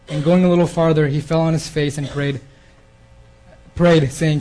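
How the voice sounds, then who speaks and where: A man's voice: fairly high pitch, steady tone, normal speed, long pauses, dark tone, rough recording. A man preaching a sermon in an earnest way, often repeating words and restarting his phrases. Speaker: preacher giving a theme talk.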